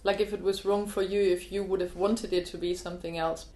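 Woman radio interviewer, measured, brief, roomy studio tone. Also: on the low side, little pitch movement, dark tone. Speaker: radio host.

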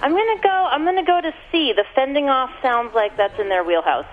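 A woman's voice: sits high, expressive, fairly quick, phone-quality sound, a little hiss or hum. A young woman comedian on a radio quiz, dry and self-deprecating, hesitating with ums. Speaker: comedian guest. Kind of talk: radio interview banter.

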